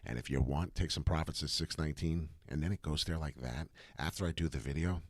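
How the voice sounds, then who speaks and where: A man's voice: extremely low pitch, a little fast, no room sound, studio quality. A man hosting a live crypto market stream, brash and hype-driven, swearing casually as he talks. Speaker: crypto livestream host.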